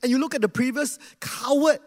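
A man preaching a sermon in an animated way, asking the audience questions and acting out quotes. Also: very high-pitched, fairly quick, long reverb tail.

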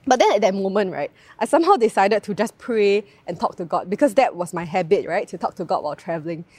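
Young Singaporean woman, devotional speaker, conversational and animated, mid-pitched voice, dry room. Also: fast talker, dry recording. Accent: Singaporean English. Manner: chatty, animated storytelling with tag questions. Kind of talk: devotional talk with personal story.

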